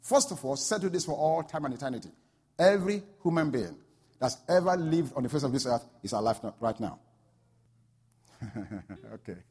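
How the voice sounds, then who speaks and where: A man preaching a sermon, telling a story and building to loud, fervent peaks. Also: mid-range voice, lively intonation, quick pace, slightly rough. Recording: long hall reverb.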